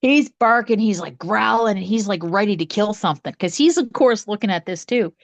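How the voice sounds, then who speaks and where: In a brisk, gravelly voice with no echo, a middle-aged woman co-hosting a psychic podcast shares a true ghost story casually, acting out the quoted speakers with big pitch jumps in an animated way.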